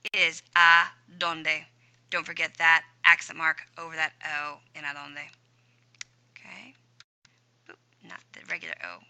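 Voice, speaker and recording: A woman's voice: low-pitched, little pitch movement, a little slow, pauses often, pushed and bright, clean tone. A woman teaching a recorded Spanish grammar lesson, upbeat and chatty, talking to herself while she types.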